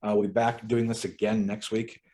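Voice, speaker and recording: Low-pitched man leading a casual book study over a video call, relaxed and chatty. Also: normal speed. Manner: relaxed, conversational, uses filler ums. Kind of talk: casual group discussion. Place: home.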